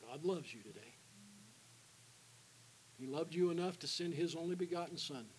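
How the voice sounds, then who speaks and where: A man preaching an evangelistic sermon in a church, calling out to the congregation for responses and dropping to a hushed voice for the invitation. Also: on the high side, animated, normal speed, slight background noise, low-quality recording. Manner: call-and-response with the congregation, alternating loud and hushed. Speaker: guest preacher. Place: church sanctuary.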